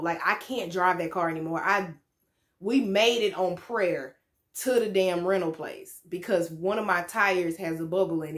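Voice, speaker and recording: A woman's voice: lowish voice, a bit bright. A young woman telling a frank, candid story in a casual vlog, swearing freely and laughing now and then. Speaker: vlogger. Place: home room with lights.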